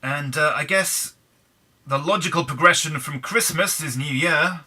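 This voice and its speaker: A man's voice: fairly high pitch, a little slow, bright, forceful tone. An English man giving casual, wry, self-deprecating commentary as he plays Minecraft. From England. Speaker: gaming channel host.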